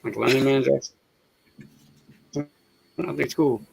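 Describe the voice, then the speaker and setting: A man's voice: mid-range voice, fairly even intonation, measured pace, gravelly, darkish tone, husky, low-quality recording. A man from the American South with a Southern accent, chatting in a laid-back way and swearing often. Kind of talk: casual chat.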